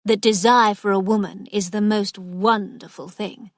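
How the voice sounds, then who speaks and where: A woman voicing a big young army major who speaks calmly and plainly, in a story read for learners. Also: medium pitch, unhurried, no room sound, studio quality, close to an everyday voice.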